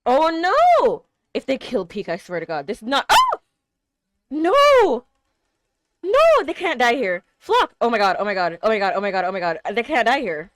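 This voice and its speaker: A young woman reacting to an anime episode, exclaiming and gasping, swinging between hushed murmurs and loud outbursts. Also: mid-range voice, big pitch swings, fairly quick, few pauses, no room sound. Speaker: reaction streamer.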